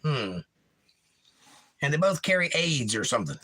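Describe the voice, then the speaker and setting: A man's voice: on the high side, big pitch swings, normal speed, bright, forceful tone, rough recording. A man hosting a casual livestream, reading viewer comments aloud and joking about them in a playful way. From Florida. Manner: jokey, reads chat aloud with goofy voices. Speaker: livestream host.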